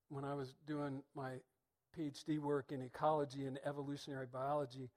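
A middle-aged man with a somewhat high voice preaches a reflective sermon. He speaks thoughtfully and in measured phrases, letting pauses sit between his words. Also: darkish tone.

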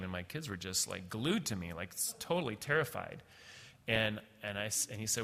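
A middle-aged man telling a personal story in a halting way, with many fillers and restarts. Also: fairly low pitch, animated, creaky, bright, forceful tone, long reverb tail.

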